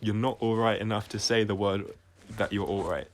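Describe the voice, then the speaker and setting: A man talking through his own songs on a casual livestream, reflective and halting, often restarting his sentences and trailing off quietly. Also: fairly low pitch, steady tone. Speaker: singer-songwriter explaining his songs.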